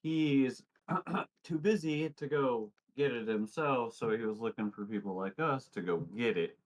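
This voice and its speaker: A man playing a tabletop game, explaining plans calmly with fillers. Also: medium pitch, a little slow, low-quality recording. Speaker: player. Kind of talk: casual chat.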